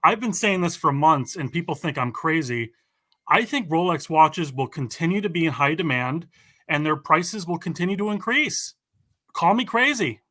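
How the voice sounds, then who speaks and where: A man's voice: on the high side, expressive, moderate pace, pushed and bright. A man joining a casual livestream chat, teasing and tossing out provocative opinions.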